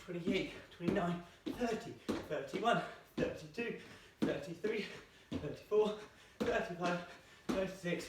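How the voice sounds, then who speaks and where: A man's voice: sits high, a little slow, hardly any pauses, very noisy. A man teaching a home exercise lesson, counting out jumps while doing them and getting out of breath. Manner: counting reps aloud while jumping. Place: small room at home. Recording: echoey room, mic far off.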